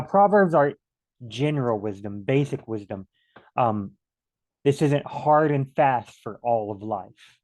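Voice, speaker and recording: A man's voice: medium pitch, a little mellow. A man teaching a casual bible study from home, rambling and acting out little back-and-forth dialogues.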